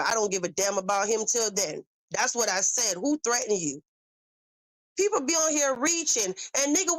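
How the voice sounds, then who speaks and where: A woman's voice: on the high side, a bit bright. Angry, profane Southern woman ranting. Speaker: livestream host. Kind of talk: heated livestream rant.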